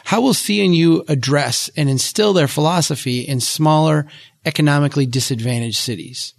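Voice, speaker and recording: Affable male podcast host, higher voice. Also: creaky, no room sound. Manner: affable, chatty, quick interjections. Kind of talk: conversational podcast interview.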